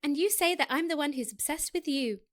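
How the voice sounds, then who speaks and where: A woman's voice: sits high, animated, fairly quick, voice pushed up. A woman voicing a playful, teasing young girlfriend while reading from a story.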